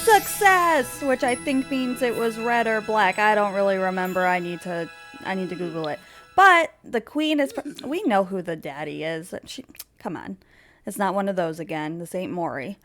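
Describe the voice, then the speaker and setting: Chatty young woman, casual game storyteller, giggly, mid pitch, soft music under. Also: animated, normal speed. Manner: chatty, giggly, self-interrupting. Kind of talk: casual narrated gameplay storytelling.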